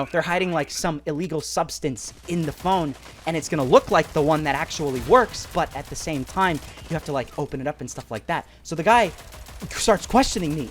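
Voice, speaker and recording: A man who is a mobile gaming YouTuber, telling a story in an animated, casual way full of "like" and "right?". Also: fairly high pitch, a little hiss or hum. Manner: animated, lots of fillers like "like" and "right?".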